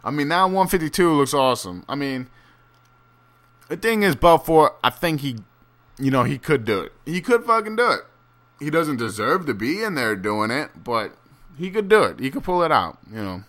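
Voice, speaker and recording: A man's voice: on the high side, big pitch swings, moderate pace, fairly bright tone. A man rambling through a casual, profane solo monologue with many fillers and restarts, turning incredulous and ranting at times. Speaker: solo fight commentator.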